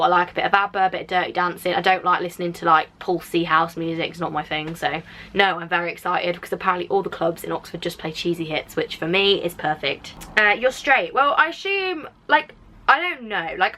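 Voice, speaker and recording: A woman's voice: lowish voice, pushed and bright, rough recording. A young woman in her late teens with a Black Country accent, chatting casually on her vlog as she reads out and answers viewer comments, rambling with lots of fillers. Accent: Black Country English. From Black Country, England. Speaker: vlogger.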